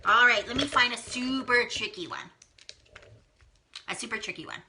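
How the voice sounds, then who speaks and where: Over some background noise, a young woman with a slightly high voice talks at a normal speed as she leads a live phonics lesson for small children. She cheerfully reads their guesses aloud with excited gasps, staying bubbly and encouraging and praising each one.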